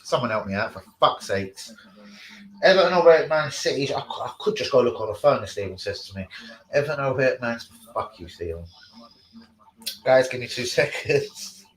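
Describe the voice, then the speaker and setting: A man hosting a casual live stream, sweary and excitable, talking to his chat about football. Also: mid-range voice, moderate pace, roomy sound, poor audio.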